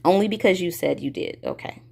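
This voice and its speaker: A woman's voice: lowish voice, brisk, vocal fry, a little mellow, slightly rough. A woman hosting a casual coloring tutorial, chatting to her viewers while she works and stretching out her words.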